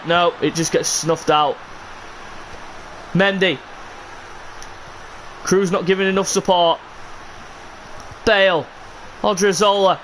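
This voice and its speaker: Frustrated streamer, man, calls his own game with sudden shouts; light background hiss. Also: high voice. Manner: frustrated, exasperated, bursts into shouts. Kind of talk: live game commentary.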